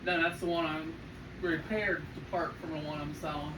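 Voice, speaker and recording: A man's voice: fairly high pitch, flat delivery, normal speed, roomy sound. Laid-back man, distant in a noisy room. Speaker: family member. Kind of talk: casual family chat. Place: at home.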